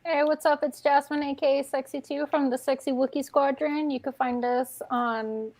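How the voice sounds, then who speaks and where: A woman's voice: high-pitched, fairly even intonation, normal speed, darkish tone. A woman chatting casually as a stream guest from a fan group, flustered and self-deprecating. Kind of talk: casual chat.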